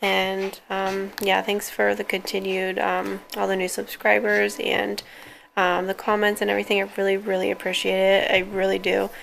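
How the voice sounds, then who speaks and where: A woman's voice: medium pitch, completely flat delivery, normal speed, vocal fry, a bit bright, slight background noise, low-quality recording. A young woman in casual video updates, telling a frustrating story in a worn-out, pained way while lying on a couch at home. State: in pain and worn out. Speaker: vlogger.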